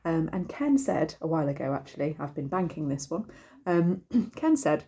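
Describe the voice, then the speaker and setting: Chatty woman, mellow low voice. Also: very animated, normal speed, few pauses. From United Kingdom. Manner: chatty and rambling, many ums and restarts. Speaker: singing teacher. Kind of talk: casual singing lesson to camera.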